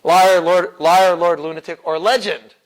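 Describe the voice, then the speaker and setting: A man's voice: sits high, fairly even intonation, unhurried, low-quality recording. Chuckling man teaching a church class. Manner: casual and chuckling, many fillers and restarts. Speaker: apologetics teacher. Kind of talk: classroom lecture.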